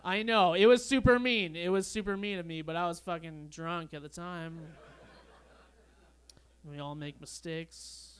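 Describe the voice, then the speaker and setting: High, smooth-voiced young comedian. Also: male voice, moderate pace. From Canada. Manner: deadpan, awkward storytelling. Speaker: stand-up comedian. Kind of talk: stand-up comedy set. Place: comedy club stage.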